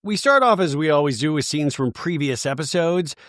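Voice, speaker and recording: A man hosting a podcast, recapping a reality TV episode in a jokey, animated way and acting out the quotes. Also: fairly high pitch, fairly quick, no echo, studio quality. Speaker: podcast host.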